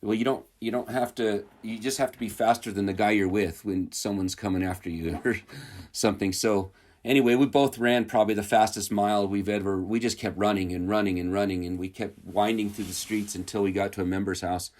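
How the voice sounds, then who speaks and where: A man's voice: lowish voice, fairly even intonation, fairly quick, darkish tone. A man telling his missionary stories in a casual interview, rambling and chuckling, with many fillers and restarts.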